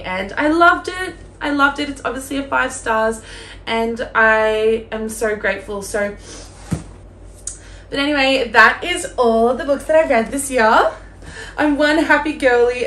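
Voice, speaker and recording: Young woman book vlogger, bright high voice, chatty and gushing, recorded in an echoey room with faint background noise. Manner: gushing, chatty, heavy use of "like". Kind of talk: casual vlog chat.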